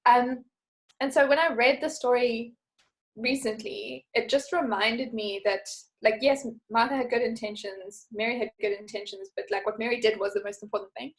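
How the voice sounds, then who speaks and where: Chatty woman guest, slightly high voice, tells stories animatedly and acts out quotes. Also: fairly even intonation, normal speed, poor audio. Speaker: podcast guest. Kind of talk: casual chat.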